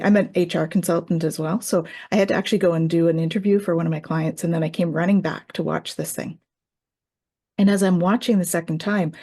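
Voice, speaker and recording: A woman's voice: lowish voice, dark tone. A woman who teaches Reiki tells a personal story in casual chat, acting out quoted voices and laughing often.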